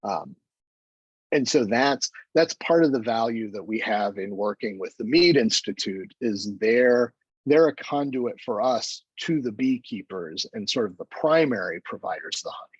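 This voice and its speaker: A man lecturing at a university seminar, talking through his research in a loose, conversational manner with wry asides about himself. His voice has a slightly husky edge. The recording is dry and a little dull. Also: medium pitch, moderate pace, no room sound. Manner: relaxed, conversational, with self-deprecating asides and fillers. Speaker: chemistry lecturer. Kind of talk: academic seminar talk.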